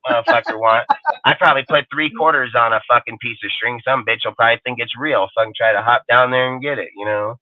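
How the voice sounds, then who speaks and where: A man hosting a sports talk show in a casual, animated, rambling rant full of swearing. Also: mid-range voice, fast, no room sound. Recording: tinny phone-like line, dry.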